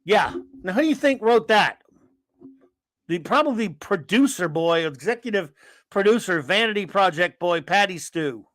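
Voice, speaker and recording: A man's voice: sits high, animated, moderate pace, a bit bright, dry recording. A man hosting a casual live stream, rambling and sarcastic as he greets viewers and rants. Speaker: host of a live stream chat.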